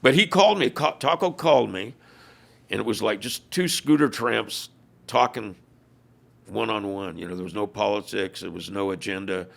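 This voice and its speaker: Gravelly low-voiced older man telling stories. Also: normal speed, a bit bright. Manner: gravelly, acts out quoted dialogue. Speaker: former biker club leader, guest. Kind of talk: storytelling in a podcast interview.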